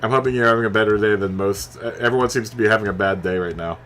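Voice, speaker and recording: A man's voice: fairly low pitch, very fast, fairly bright tone, faint music behind. A man live-streaming a racing game, chatting loosely with his viewers in a rambling way and laughing at his own jokes. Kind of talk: casual chat with live chat viewers. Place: home streaming setup. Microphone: studio mic through a mixer.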